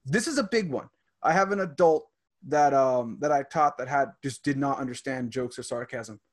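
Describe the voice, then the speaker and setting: This man, a teacher by profession, chats on a podcast with a mid-range voice at a moderate pace. He reads items aloud from a list and adds classroom stories.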